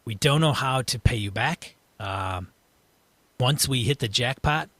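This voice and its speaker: A man co-hosting a gaming podcast, speaking hesitantly with many pauses and fillers. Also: medium pitch, expressive, a bit bright, no room sound. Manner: hesitant, halting, many ums, grateful. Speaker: podcast co-host. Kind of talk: casual podcast chat.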